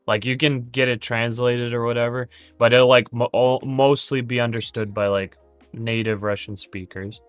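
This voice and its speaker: A man's voice: mid-range voice, fairly even intonation, normal speed, smooth, dry recording, faint music behind. A man hosting a day trading livestream, chatting casually and jokingly, with many stammered restarts.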